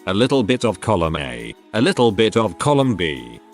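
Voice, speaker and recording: A man's voice: fairly low pitch, sing-song, moderate pace. A man narrating online customer stories in a scripted reading, with faint music behind. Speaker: narrator of a story channel.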